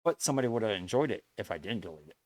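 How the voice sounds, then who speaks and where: A man's voice: on the low side, lively intonation, very fast, slight background noise. A man streaming live, talking earnestly and at length to his chat, repeating his points and swearing often. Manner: earnest, lecturing and repetitive, with frequent swearing.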